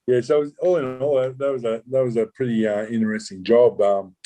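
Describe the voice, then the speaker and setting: A man, a former undercover cop, recounting a true story in an interview, halting with many restarts and swearing casually. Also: medium pitch, steady tone, dark tone, poor audio. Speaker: former undercover police officer.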